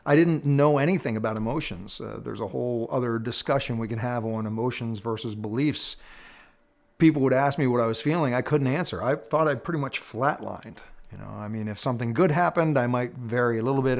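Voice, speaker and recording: A middle-aged man speaking earnestly to viewers about personal growth, telling his own story in a measured, reflective way with pauses. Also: mid-range voice. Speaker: personal development teacher. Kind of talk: reflective personal talk to camera.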